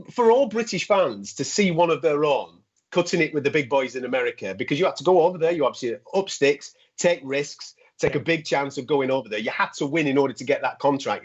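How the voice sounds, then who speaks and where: Fast-talking husky male interviewer. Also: fairly high pitch. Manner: quick, enthusiastic questioning. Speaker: interviewer, sports broadcaster. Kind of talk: casual interview. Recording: muffled lo-fi audio.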